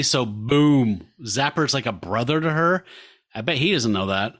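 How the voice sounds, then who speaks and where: A man's voice: medium pitch, lively intonation, a little slow, a bit bright, no room sound, studio quality. A man co-hosting a comic-book podcast, reading captions aloud and cursing with delight between pages. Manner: profane, enthusiastic, laughs while reading. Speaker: podcast co-host.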